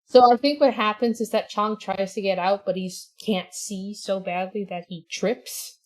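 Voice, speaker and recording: A woman playing a tabletop game, her voice in a middle pitch. She rambles through her character's actions, restarting sentences and laughing as she goes. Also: steady tone, normal speed. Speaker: player. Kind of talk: casual chat during a tabletop game.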